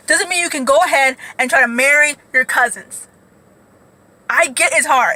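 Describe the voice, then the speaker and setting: A woman ranting casually as a commentator, blunt, profane and animated. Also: sits high, moderate pace, poor audio. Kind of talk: casual reaction rant.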